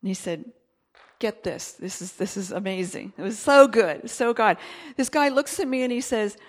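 A middle-aged woman giving a sermon testimony, swinging between loud emphatic bursts and quiet, confiding asides. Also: mid-range voice, lively intonation, normal speed.

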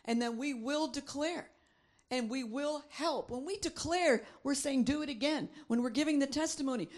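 A woman's voice: sits high, normal speed, a little mellow. A middle-aged woman preaching a sermon, reading scripture aloud and repeating phrases for emphasis.

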